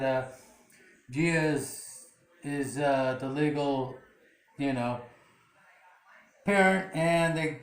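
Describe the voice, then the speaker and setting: In a reverberant recording, a man with a fairly high voice runs through a casual plot recap of a drama episode for his channel. He rambles, restarting sentences and using lots of fillers.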